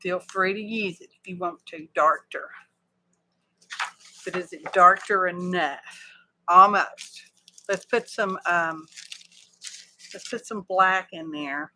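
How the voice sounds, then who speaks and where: Slow, chatty woman crafting live. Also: lowish voice, sharp tone, slight background noise. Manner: chatty, thinks aloud, folksy asides. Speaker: craft livestream host. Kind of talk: casual craft livestream chat.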